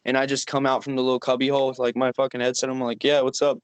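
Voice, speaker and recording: A young man co-hosts a podcast, telling a rambling, profane story from work with plenty of laughing in a casual chat. His mid-range voice is smooth and very fast, delivered completely flat, and the recording is dry.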